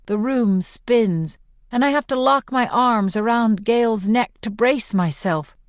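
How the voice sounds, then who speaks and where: A woman narrating a novel in the first person as an audiobook, reading slowly, clearly and with measured phrasing. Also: a little high, no room sound, clean studio sound.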